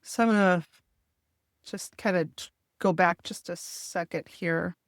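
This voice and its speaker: A woman's voice: lowish voice, fairly even intonation, unhurried, no echo, studio quality. A middle-aged woman, recounting a family crisis candidly and with feeling, quoting what people said. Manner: emotional, candid retelling with quoted dialogue. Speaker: podcast host telling her story. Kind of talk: personal storytelling in a podcast interview.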